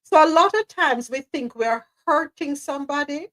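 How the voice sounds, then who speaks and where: Poor audio carries the high-pitched voice of a Jamaican woman hosting a live talk show at a moderate pace. Her casual commentary is emphatic and animated, with occasional slips into patois.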